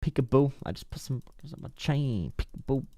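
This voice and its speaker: A man's voice: mid-range voice, very animated, brisk, mellow, dry recording, clean studio sound. A man hosting a live political call-in stream, ranting bluntly and mockingly. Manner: mocking, blunt, says bro a lot. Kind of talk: casual streaming rant.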